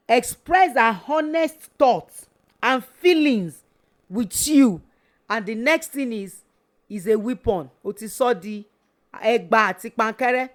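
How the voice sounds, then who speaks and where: A middle-aged woman with a Nigerian accent talks about relationships like a preacher, pressing each point hard. Her voice sits fairly high, and she moves easily between English and Yoruba. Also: fairly bright tone. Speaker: radio talk show host and family therapist. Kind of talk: motivational talk on relationships.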